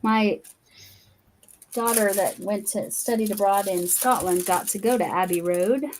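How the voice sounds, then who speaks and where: A woman's voice: medium pitch, measured pace, darkish tone, slight background noise. A woman from Colorado hosting a casual crafting livestream, rambling with many restarts and fillers. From Colorado, USA. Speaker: livestream host. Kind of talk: casual chat while crafting.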